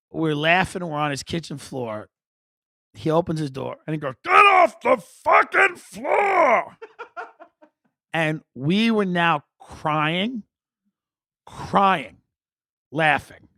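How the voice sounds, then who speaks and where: Middle-aged male comic, slightly high voice, dry close mic, profane animated storyteller. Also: no room sound. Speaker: comedian podcast host.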